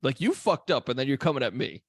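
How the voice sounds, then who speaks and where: A man from Long Island co-hosting a podcast, chatting casually and telling animated stories with loud shouted impressions. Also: mid-range voice, quick pace, slightly rough, dry recording, studio quality. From Long Island, New York. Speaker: podcast co-host. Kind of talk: casual chat about a film.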